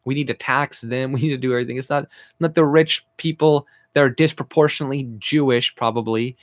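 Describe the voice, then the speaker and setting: A Canadian man vents in an angry reaction rant, swearing freely and mocking what he reads. His voice sits at an ordinary middle pitch. It is recorded close and dry, with no room sound. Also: fairly even intonation, brisk, no echo. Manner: profane, sarcastic, mocking. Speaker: YouTuber.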